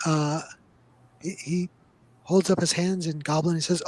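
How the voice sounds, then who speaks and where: A man's voice: a little high, flat delivery, unhurried, a little mellow, no echo. A man playing in a tabletop game, chattily declaring what his character does. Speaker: player. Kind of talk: casual tabletop game talk.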